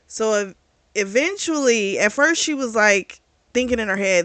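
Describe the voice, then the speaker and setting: This woman reviews a book in a slightly slow, medium-pitched voice with a fairly bright tone, recorded dry. Her plot retelling is loose and rambling, full of fillers and corrections of herself. She stays chatty and candid, speaking openly about the explicit parts.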